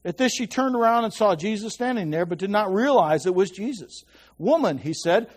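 High-pitched and expressive, a man moves a little fast through a conversational Bible teaching. He regularly asks whether listeners are following and drops his voice low to stress a point.

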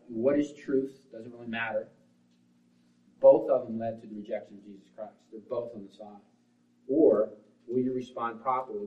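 A man preaching a sermon as pastor, swinging between forceful, loud lines and hushed, quiet ones. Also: mid-range voice. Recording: roomy, distant, dull sound.

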